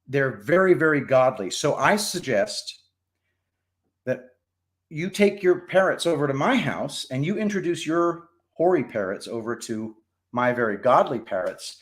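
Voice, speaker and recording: A man voicing a calm, reassuring priest who comforts a worried woman in a joke. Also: medium pitch, measured pace, natural voice. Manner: soothing, fatherly.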